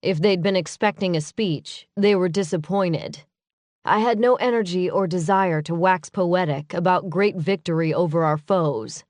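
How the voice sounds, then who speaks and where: A woman narrating a first-person urban fantasy audiobook in a measured, earnest way. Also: fairly low pitch, darkish tone, dry recording, studio quality.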